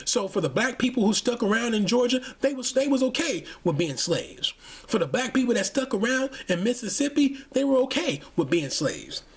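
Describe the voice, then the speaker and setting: A man with a high, husky voice delivering angry ranting commentary. He talks heatedly and profanely, often stumbling through repeated restarts. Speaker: channel host.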